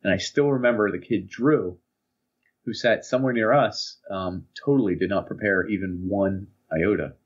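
A man's voice: lowish voice, normal speed. A young man co-hosting a podcast in casual chat, acting out stories with quoted voices. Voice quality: husky, animated storyteller who acts out quotes in voices. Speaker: podcast co-host. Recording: dull lo-fi sound.

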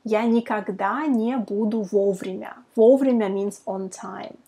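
A woman teaching a language lesson who says her example phrases slowly and carefully, with a Russian mother tongue. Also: mid-range voice, dark tone. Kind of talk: casual online language lesson.

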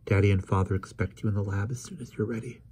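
A man's voice: fairly low pitch, normal speed, a little hiss or hum, close to an everyday voice. Man voicing an upset, impatient teenage girl. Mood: subdued.

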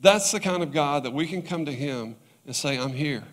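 A man's voice: on the high side, animated, moderate pace, in a large hall. A male pastor preaching a sermon in a conversational way, often checking in with his listeners.

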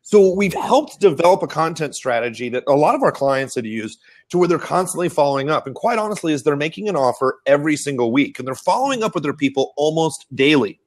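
Man, middle-aged, co-host, casual web chat, animated storyteller, imitates voices. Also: on the high side, fast talker, few pauses. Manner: animated storyteller who acts out other people's voices. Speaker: co-host of a marketing show.

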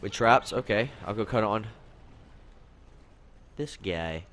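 A young man commentating on his own gameplay, excitable, yelping and complaining at the game as he plays. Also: on the low side, slow pace, a little hiss or hum. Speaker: gaming commentator.

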